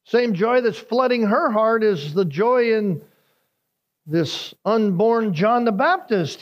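Pastor, man, sermon delivery; unhurried, earnest, builds to emphatic peaks, some repeats. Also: high voice, highs cut off. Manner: earnest preaching, rising in emphasis on scripture.

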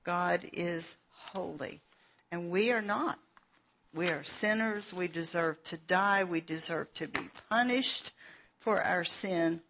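A woman teaching a sermon, reading Bible verses and stopping to explain them in an unhurried, earnest way, with fillers. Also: on the low side, fairly bright tone, slight background noise. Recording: dull lo-fi recording.

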